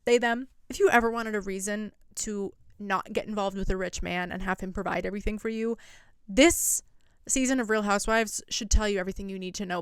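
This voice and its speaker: A woman's voice: medium pitch, fairly even intonation, a little fast, clean tone, no room sound, clean studio sound. A young woman recapping a reality show in casual, sarcastic commentary. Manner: chatty and sarcastic, quotes people in mock voices. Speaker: recap vlogger.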